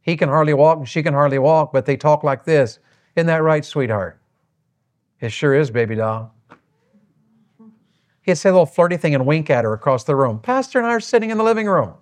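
A middle-aged male preacher with a slightly higher voice tells a marriage story. His delivery is folksy and animated, and it rises and falls with the tale. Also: quick pace, hardly any pauses.

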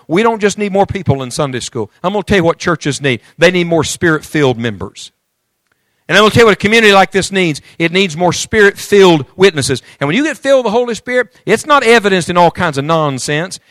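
A man preaching a sermon, moving between loud emphatic declarations and hushed, intimate storytelling, reading scripture aloud in old-fashioned wording. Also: high voice, no room sound. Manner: reads scripture aloud in King James wording.

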